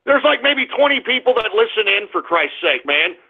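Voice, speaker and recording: A brash male radio host rants and taunts on a call-in show. His voice sits high for a man and comes through a tinny, phone-like line. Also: very animated, creaky, slightly rough. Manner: brash, confrontational, drawn-out taunts.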